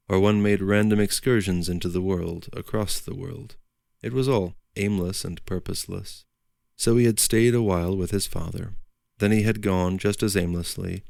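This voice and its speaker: Deep gravelly male audiobook narrator. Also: a little mellow, no echo, clean studio sound. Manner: measured, literary storytelling.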